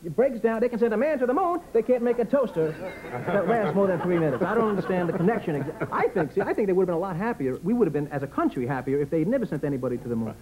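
A man's voice: high-pitched, lively intonation, racing, muffled recording, over a noisy crowd. A man chatting as a comic guest on a talk show, rambling and self-deprecating, slipping into little acted voices. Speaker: comedian guest.

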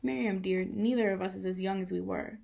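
A woman's voice: medium pitch, fairly even intonation, brisk, gravelly, mellow, slight background noise. A woman voicing a fussy, genteel older actress who speaks politely.

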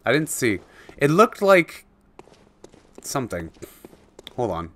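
A man's voice: mid-range voice, big pitch swings, slow pace, slight background noise. A man giving casual commentary while playing a video game, chatting to the creatures on screen and chuckling often. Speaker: let's play gamer.

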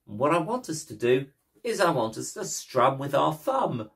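Cheeky, slow-talking male ukulele teacher. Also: mid-range voice, very animated, creaky, fairly bright tone. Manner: cheeky, playful, jokey. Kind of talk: casual instructional talk.

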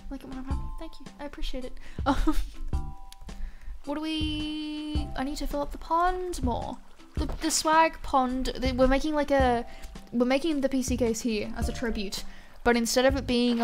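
A young woman streaming a game live, chatting casually with her viewers in a bubbly, rambling way full of internet slang. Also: high voice. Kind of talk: casual live-stream chat while gaming. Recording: music playing behind.

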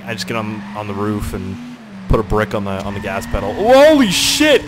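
A young man hosts a gaming channel, delivering brisk, excitable let's play commentary full of swearing and sudden high-pitched yelps. Background noise can be heard.

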